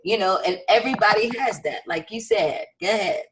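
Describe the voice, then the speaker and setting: A woman's voice: mid-range voice, brisk, crowd noise. A woman hosting an interview, backing up her guest with frequent short agreements. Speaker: host. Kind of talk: conversational interview.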